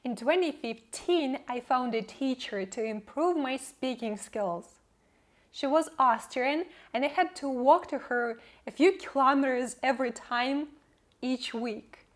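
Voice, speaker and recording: A young woman, not a native English speaker, telling her language-learning story in an earnest, measured vlog narration. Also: high voice. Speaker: English-learning channel host. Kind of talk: scripted personal vlog narration.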